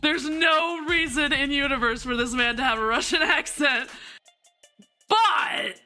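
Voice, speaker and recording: A woman streaming a game, giggly and excitable, reading the narration aloud and talking to chat. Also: sits high, measured pace, soft background music.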